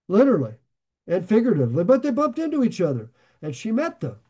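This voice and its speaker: A man's voice: sits high, wildly swooping pitch, fast, mellow. A man leading a conversational Bible study sermon, reading verses aloud and then explaining them in loose, joking asides. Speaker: Bible teacher.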